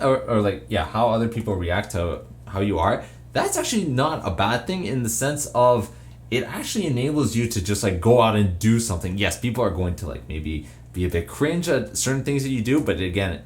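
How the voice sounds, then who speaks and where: A man giving casual advice to camera, rambling with lots of fillers and restarts. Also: mid-range voice. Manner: rambling, filler-heavy, with self-interrupting restarts. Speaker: YouTuber giving personality-type advice.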